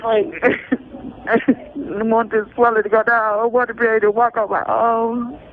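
A high-voiced, exhausted man pleads for help over a thin, tinny phone line. His words come out weary and begging, broken by nervous laughs. A faint hiss sits under the call. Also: flat delivery, a little slow. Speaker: person pleading for public support. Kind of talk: emotional spoken appeal.

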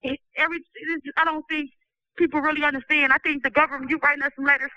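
Really high thin voice, guy sick and coughing, pleading into a muffled dry prison phone. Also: flat delivery, bright, forceful tone, dry recording. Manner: pleading, distressed, halting restarts. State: sick, coughing, swollen throat. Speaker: incarcerated person giving a recorded commentary. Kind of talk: recorded phone commentary. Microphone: telephone.

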